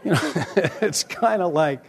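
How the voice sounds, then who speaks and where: Man, middle-aged pastor, teaching fellow preachers, chatty and animated, slightly higher voice. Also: unhurried, background noise. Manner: conversational, animated storyteller with lively vocal swings.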